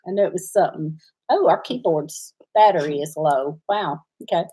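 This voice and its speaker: A woman's voice: fairly low pitch, normal speed, warm tone, slight background noise. A middle-aged woman with a Southern US accent hosting a casual livestream, chatting, laughing often and reading out viewer comments. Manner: chatty, laughs a lot, reads comments aloud. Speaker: host.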